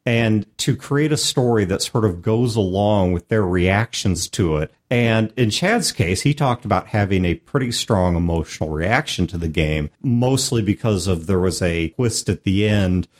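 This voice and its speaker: A man hosting a tabletop gaming podcast in a relaxed, rambling chat. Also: on the low side, unhurried, hardly any pauses. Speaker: podcast host.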